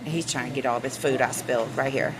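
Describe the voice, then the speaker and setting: A woman's voice: a bass voice, steady tone, fairly quick, a loud crowd. A woman vlogging casually in her backyard, nervous and swearing as she talks to her chickens. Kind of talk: casual chat. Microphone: handheld phone camera.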